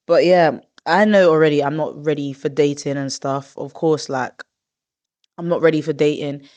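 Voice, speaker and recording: A woman in her twenties hosting a podcast in casual chat. She talks in an expressive, rambling way, with drawn-out groans of disgust. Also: deep voice, dull audio. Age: 20s. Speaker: podcast host.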